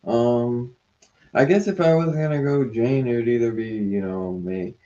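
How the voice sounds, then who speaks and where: A man chatting casually about a movie, relaxed and a bit hesitant. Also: medium pitch, normal speed, dull audio. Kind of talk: casual movie review chat.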